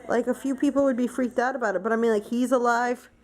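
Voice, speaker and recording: A woman's voice: on the high side, steady tone, fast talker, darkish tone. Chatty young woman vlogging. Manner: chatty, lots of "like" fillers. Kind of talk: casual daily vlog.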